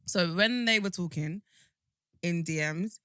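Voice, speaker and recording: A woman's voice: fairly low pitch, measured pace, fairly bright tone, clear, resonant tone, dry recording, studio quality. A woman, co-hosting a podcast in casual chat, talking emphatically with many restarts. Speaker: podcast co-host.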